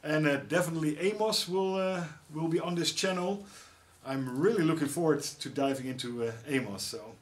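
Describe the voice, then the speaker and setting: A middle-aged man with a Dutch accent unboxing gifts in a casual vlog, exclaiming often with excitement. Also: fairly high pitch, normal speed. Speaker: YouTuber.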